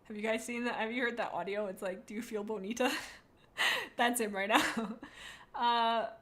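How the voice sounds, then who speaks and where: A woman's voice: a little high, fairly even intonation, moderate pace, fairly bright tone. A woman chatting on a live stream, rating viewers' cats, reading chat aloud in a bubbly, rambling, playful way.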